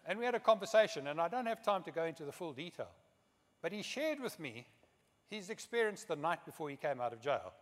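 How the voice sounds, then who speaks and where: A man's voice: a little high, big pitch swings, fairly quick. A middle-aged man giving a conference speech, telling humorous anecdotes and quoting others in his own voice. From South Africa. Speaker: keynote speaker. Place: conference hall. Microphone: podium microphone. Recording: long hall reverb.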